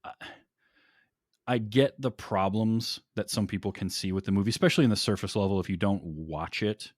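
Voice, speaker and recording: A low-pitched man talks excitedly about a film on a casual podcast. He laughs readily and restarts his sentences often, and the sound is dry and close with no room around it. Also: normal speed, no room sound. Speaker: podcast guest. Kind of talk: casual movie podcast chat.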